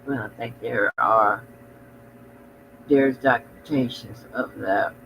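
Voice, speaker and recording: A man's voice: medium pitch, fairly even intonation, slow, gravelly, noisy background. A very sleepy man hosting a casual livestream, rambling and drowsy, trailing off into mumbles as he yawns. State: very sleepy, yawning. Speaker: livestream host.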